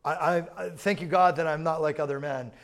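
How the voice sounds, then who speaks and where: A man's voice: fairly high pitch, fairly even intonation, a little fast, natural voice. A man voicing a boastful, self-assured male apostle in a sermon retelling. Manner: insistent, protesting.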